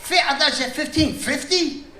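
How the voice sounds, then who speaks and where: Loud, teasing stand-up comic, high voice. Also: male voice, normal speed, slight background noise. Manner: loud, joking, teasing the audience. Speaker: stand-up comedian. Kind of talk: stand-up comedy with crowd work. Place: large theater on a cruise ship. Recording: echoey theater, loud crowd laughter. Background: audience laughing.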